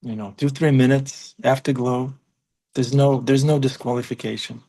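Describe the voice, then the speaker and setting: An easygoing man hosts a class discussion, joking lightly with participants. His voice sits at an ordinary pitch. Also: fairly even intonation, normal speed, mellow. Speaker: class leader.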